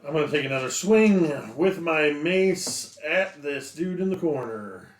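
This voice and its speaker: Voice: mid-range voice, animated, a little slow. A player in a tabletop game, wry, narrating their character's actions. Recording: echoey room.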